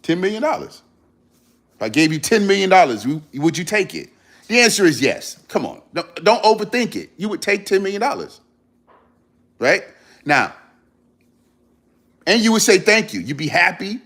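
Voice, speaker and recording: A man's voice: high voice, big pitch swings, moderate pace, long pauses, a bit bright. A man hosting a livestream, giving an earnest motivational talk to his viewers, repeating his points for emphasis in casual slang. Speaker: livestream host.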